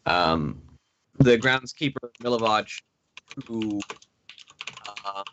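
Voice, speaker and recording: A man running a tabletop game as dungeon master, recapping the story with hesitant pauses and fillers over an online call. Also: fairly low pitch, animated, fairly bright tone, lo-fi sound, a little hiss or hum.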